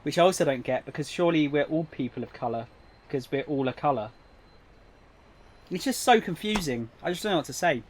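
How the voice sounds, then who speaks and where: Brief: young male game streamer, slightly high voice, chatty and meandering, close desk mic. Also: lively intonation, a little fast, slight background noise. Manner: rambling, hesitant, lots of fillers and restarts. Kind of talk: casual live-stream chat.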